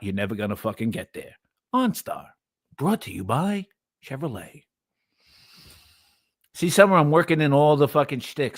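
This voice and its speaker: A man's voice: mid-range voice, a bit bright. A man co-hosting a casual livestream, joking and rambling, who keeps slipping into mock announcer voices for made-up sponsors.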